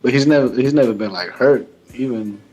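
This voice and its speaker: A man's voice: mid-range voice, fairly quick, a little mellow, highs cut off, soft background music. Joking man chatting about boxing. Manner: laughs often, slangy and joking. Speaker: podcast co-host. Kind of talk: casual boxing chat.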